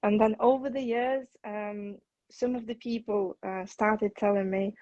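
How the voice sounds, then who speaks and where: A woman English teacher talks through ideas in a measured, thoughtful way. Her voice sits at a middle pitch and comes through a dull, lo-fi recording with no room sound at all. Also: steady tone, darkish tone, dry recording. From outside the UK. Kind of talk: casual conversation on a video chat.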